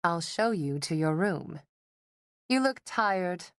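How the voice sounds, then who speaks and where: A woman voicing a smooth, teasing young artist. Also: expressive, takes it slowly, dry recording. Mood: cool teasing. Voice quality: low and smooth. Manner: dry, teasing, unbothered. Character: sly, poised young woman, an artist daughter. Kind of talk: audiobook character voice.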